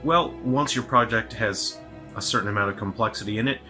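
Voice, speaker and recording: A man's voice: fairly low pitch, fairly quick, over music. A man giving a rambling, casual video update as a solo game developer, sounding tired, with many fillers and restarts.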